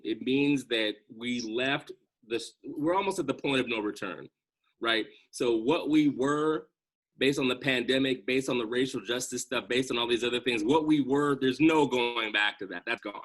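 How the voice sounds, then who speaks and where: A man's voice: medium pitch, moderate pace. A man speaking earnestly as a guest on a video call, reflective and conversational, often checking in with "right?".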